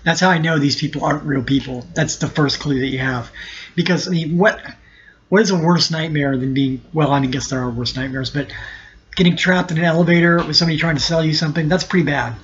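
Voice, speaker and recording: A man's voice: a little high, quick pace, fairly bright tone, highs cut off, a little hiss or hum. A man ranting sarcastically in a video blog, exasperated and often restarting his sentences. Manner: exasperated, sarcastic, talks himself in circles. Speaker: vlogger. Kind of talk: ranting monologue to camera.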